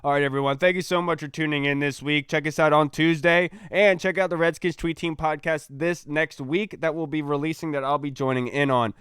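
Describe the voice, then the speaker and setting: A man's voice: fairly high pitch, fairly even intonation, fairly quick, hardly any pauses, fairly bright tone, smooth, no echo, studio quality. A man hosting a casual sports podcast, chatty and rambling as he wraps up. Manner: chatty, rambling sign-offs. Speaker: podcast host.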